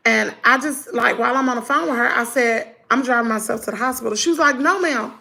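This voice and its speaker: A middle-aged woman, telling her viewers a story in a lively storytime chat. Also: fairly high pitch, fast talker, vocal fry. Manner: animated, talks to viewers as y'all. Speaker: vlogger.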